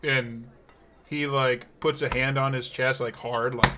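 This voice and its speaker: A man's voice: medium pitch, fairly even intonation, a little slow, noisy background. A man narrating a tabletop game as game master, rambling and full of fillers and laughter.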